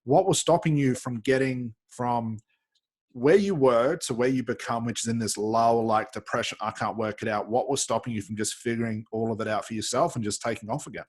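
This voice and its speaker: A male business coach with a husky, slightly raspy voice interviews a student. He asks long, probing questions and builds each one up before he gets to the point. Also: mid-range voice, a little fast.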